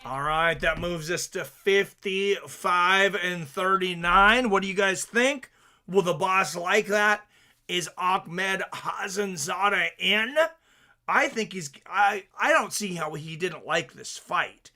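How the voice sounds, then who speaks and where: A man hosting a casual fight watch-along stream, chatting excitedly and reading viewer comments aloud. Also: high voice, takes it slowly.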